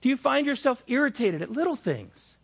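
Gravelly high-voiced man preaching. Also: very animated, a little fast, muffled recording. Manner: candid, personal storytelling with frequent restarts. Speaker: pastor. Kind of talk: sermon.

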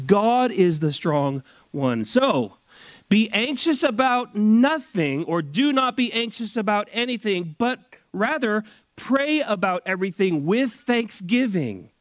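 A man preaching a sermon at a church service, drawing out key phrases slowly for emphasis. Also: high-pitched, no room sound. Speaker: pastor.

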